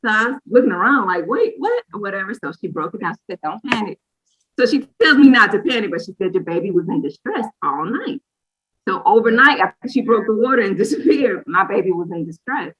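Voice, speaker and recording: Woman in her 30s, clear bright voice, candid rambling storyteller, podcast co-host. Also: mid-range voice, lively intonation, fast talker, rough recording. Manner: candid, rambling, frequent "or whatever" asides. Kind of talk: personal storytelling chat.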